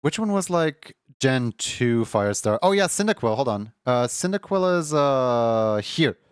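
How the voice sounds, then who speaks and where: A man's voice: medium pitch, lively intonation, a little slow, clean tone, no echo, clean studio sound. A young man streaming at home in casual chat, rambling with lots of filler words and frequent laughs. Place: home room.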